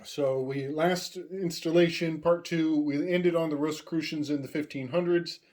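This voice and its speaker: A man's voice: on the high side, steady tone, moderate pace, a little mellow. A man hosting his own video, speaking in a casual, rambling monologue full of hesitations, fillers and small chuckles. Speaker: video host.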